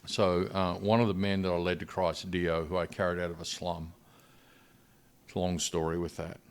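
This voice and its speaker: Middle-aged male missionary guest with a deep, low voice; earnest, halting storytelling. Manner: earnest, halting retelling with frequent restarts. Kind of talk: personal storytelling in a podcast interview.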